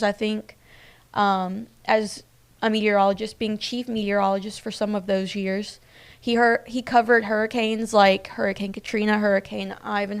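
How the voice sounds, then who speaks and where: A woman's voice: medium pitch, clean tone. A woman in her twenties hosting a streamed local news show, talking in a chatty, personal way with many fillers. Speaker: news host. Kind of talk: casual live-stream news chat.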